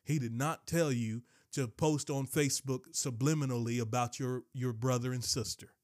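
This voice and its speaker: A man preaching a sermon, emphatic and repetitive, his voice leaping from low stresses to high shouts. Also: steady tone, moderate pace, no room sound, clean studio sound.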